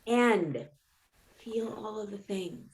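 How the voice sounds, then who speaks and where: A woman joins as the guest in a casual spiritual conversation. She speaks earnestly and in halting bursts, often repeating words as she gathers her thoughts. Her voice sits in an ordinary middle range. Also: mid-range voice, slight background noise.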